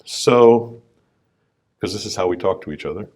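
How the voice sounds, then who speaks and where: Brief: deep-voiced businessman, storytelling testimony at a conference, folksy and conversational. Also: normal speed, a little mellow. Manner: conversational storytelling, clears throat often. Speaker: business owner speaking at a conference. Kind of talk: personal testimony talk.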